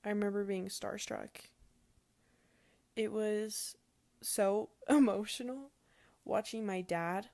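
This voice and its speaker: A woman's voice: medium pitch, fairly even intonation, slow pace, gravelly, pauses often, warm tone, no echo. Brief: chatty young woman, dry close sound. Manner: chatty and emotional, says "like" often. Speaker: vlogger. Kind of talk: casual personal storytelling.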